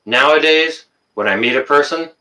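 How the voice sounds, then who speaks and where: A man's voice: a little high, normal speed, bright, forceful tone, recorded from a distance. A man hosting a casual livestream, reading viewer comments and ranting, getting worked up and then apologizing.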